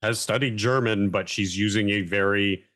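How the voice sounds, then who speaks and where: A man's voice: lowish voice, fairly even intonation, normal speed, a bit bright. A man on a panel show who chats casually and rants in exasperation. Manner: exasperated ranting.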